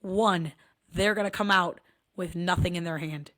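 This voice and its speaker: A woman's voice: fairly low pitch, fairly even intonation, unhurried, a bit bright. A woman, a dance mom, telling comic stories about her life in a candid, wry, self-mocking way that swears freely. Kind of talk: comedic personal storytelling.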